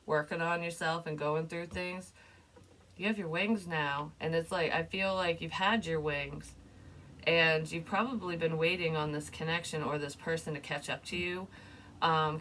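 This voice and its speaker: A woman's voice: sits low, a bit bright, a little hiss or hum. A woman giving a casual spoken psychic reading, chatty and loose, laughing often and swearing now and then. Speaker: psychic reader.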